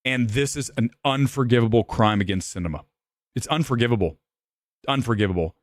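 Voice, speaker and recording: A man's voice: medium pitch, fairly quick, dry recording, studio quality. A man ranting angrily as he reviews a film live, repetitive and heated, saying he is shaking with anger. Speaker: movie reviewer.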